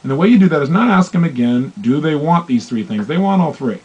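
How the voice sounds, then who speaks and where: A man giving a motivational talk on love and relationships, acting out both partners in dialogue with lively, shifting voices. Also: fairly high pitch, fast, husky, highs cut off. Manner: animated, acts out both partners in quoted dialogue. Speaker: motivational speaker.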